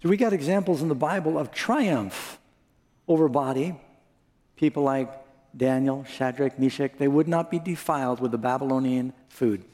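Warm-toned and medium-pitched, a man moves at a moderate pace through a storytelling sermon. He gives the people in his stories dramatic voices and asks the congregation for amens, all under long hall reverb.

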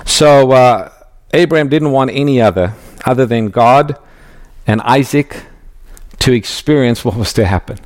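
A man with a mid-range voice teaches through a Bible passage. His delivery is measured and emphatic, and he slows down on key phrases. He reads scripture aloud along the way. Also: mid-range voice.

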